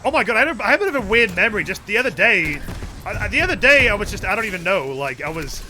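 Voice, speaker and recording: A man streaming a game, rambling to his chat and swearing freely. His voice sits high and bright, and it swings up and down a lot as he gets worked up. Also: very animated, racing, soft background music. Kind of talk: casual live-stream chat while gaming.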